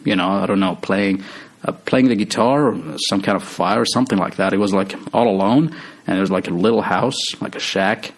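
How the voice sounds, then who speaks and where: Gravelly low-voiced man rambling casually. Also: brisk. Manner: rambling, many fillers and restarts. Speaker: movie recap host. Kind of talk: casual movie retelling.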